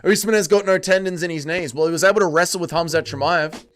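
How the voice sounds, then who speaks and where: A man's voice: a little high, fast talker, slight background noise. A man hosting a livestream, reading chat aloud and joking crudely. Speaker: livestream host.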